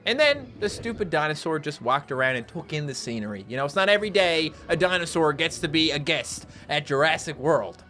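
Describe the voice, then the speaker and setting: A young man giving excited, joking commentary over a video game, breaking into high-pitched outbursts. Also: fairly quick, hardly any pauses, soft background music. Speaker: gaming YouTuber.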